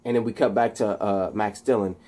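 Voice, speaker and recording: A man casually retelling a movie plot, rambling excitedly with many restarts. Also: fairly low pitch, fairly quick. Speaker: channel host.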